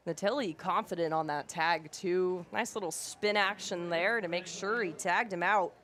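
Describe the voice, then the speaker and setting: A woman from California doing baseball color commentary, chatty and quick to laugh. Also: fairly low pitch, fairly bright tone. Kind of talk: casual broadcast banter.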